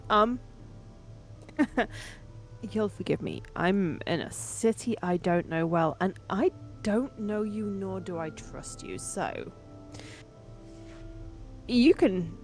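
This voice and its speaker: A wary young adventurer in a tabletop game who trusts no one and keeps her answers dry and clipped, as a woman plays her. Her voice sits at an ordinary middle pitch. Faint music hums behind. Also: animated, slow, long pauses. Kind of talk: voicing a tabletop game character.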